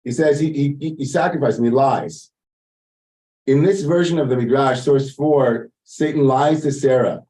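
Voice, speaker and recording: Distant, dark-voiced man teaching a text. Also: medium pitch, normal speed. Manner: explains Hebrew text line by line, translating as he goes. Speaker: teacher leading text study. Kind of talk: Torah study lesson.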